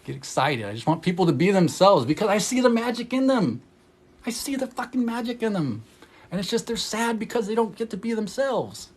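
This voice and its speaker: A man talking into his phone on a casual livestream, his voice sitting a touch high. He rambles loosely, full of "like," laughs often and swears freely when he gets fired up. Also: very animated, fairly quick. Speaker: energy healer.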